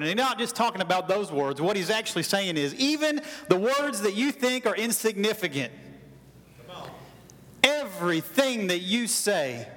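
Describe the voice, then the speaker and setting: A man's voice: high voice, a bit bright. A man preaching a sermon with folksy storytelling, calling out to his congregation for responses. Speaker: pastor. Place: church hall. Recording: long hall reverb.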